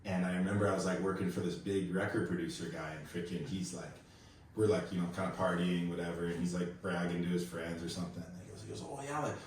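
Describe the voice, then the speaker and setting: A man's voice: sits low, level tone, quick pace, slight background noise. Laid-back surfer man in an echoey room. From Kauai, Hawaii. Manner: laid-back slangy storyteller, lots of fillers and swearing. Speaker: guest, pro surfer. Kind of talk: casual podcast storytelling. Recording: echoey room, mic at a distance.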